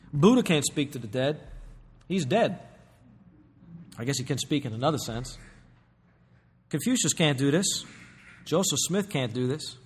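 A man's voice: medium pitch, a bit bright, slightly rough, long reverb tail. A man preaching a sermon as pastor, emphatic, with bursts of raised voice.

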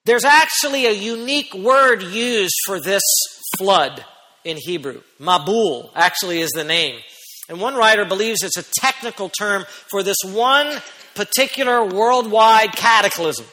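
A man preaching a sermon as pastor, who speaks emphatically and rises to near-shouts on key points. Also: high-pitched, unhurried, long reverb tail.

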